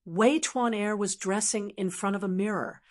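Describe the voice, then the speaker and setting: A woman reads a long fantasy novel aloud at a middle pitch. Her narration is steady and measured, built for chapter-length listening. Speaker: audiobook narrator. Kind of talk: scripted narration.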